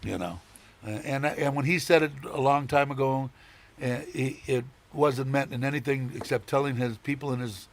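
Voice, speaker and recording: A man's voice: medium pitch, moderate pace. A man hosting a live stream, chatting casually and rambling, swearing now and then and chuckling often. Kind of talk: casual chat.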